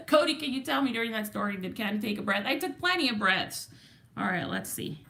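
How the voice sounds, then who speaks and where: A woman's voice: on the high side, expressive, fairly quick, creaky, sharp tone, reverberant. A woman from Texas with a Texan accent, hosting a casual lottery scratch-off livestream and reading viewer comments aloud. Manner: chatty, reads viewer comments aloud and counts numbers.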